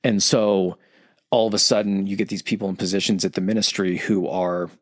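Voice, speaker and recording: A man's voice: low-pitched, fairly even intonation, fairly quick, no echo, studio quality. A podcast host in casual chat, loosely retelling a story and acting out the quotes in his own voice.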